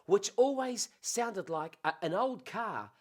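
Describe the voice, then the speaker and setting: New man hosting a chatty show, lively swooping voice, unhurried, playful. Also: sits high. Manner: playful, animated, rambling. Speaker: host. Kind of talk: casual chatty monologue.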